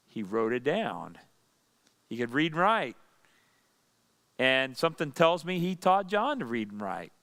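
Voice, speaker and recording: A man's voice: a little high, fairly bright tone. A pastor leading a Bible study, teaching in a conversational way, asking and answering his own questions.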